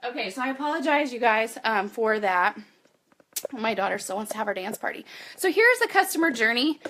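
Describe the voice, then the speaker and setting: A woman's voice: fairly high pitch, very animated, fairly quick, bright, forceful tone, slight background noise. A woman in her thirties running a live online training from her home office as a business coach, chatty and upbeat, talking straight to her viewers. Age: 30s.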